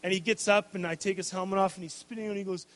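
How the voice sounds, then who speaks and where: A middle-aged pastor delivers a sermon, recounting a personal story in a lively, relaxed manner packed with fillers. His voice is high-pitched and he speaks at a racing pace.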